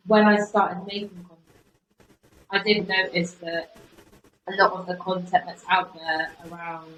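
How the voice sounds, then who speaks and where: A young woman from Bristol with a softened Bristolian accent, talking frankly as a podcast guest, with slang and many restarts. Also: fairly low pitch. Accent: softened Bristolian English. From Bristol, England. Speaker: guest, coach and content creator. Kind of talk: casual chat. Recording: roomy sound with faint background noise.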